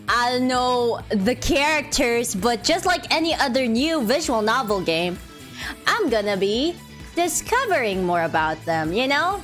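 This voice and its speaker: A young woman streaming a game, chatting playfully, giggling often and reading game text aloud, her voice a little deep from just waking up. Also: a bit bright. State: slightly deep morning voice. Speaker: VTuber streamer. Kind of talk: casual live-stream chat. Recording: faint music behind.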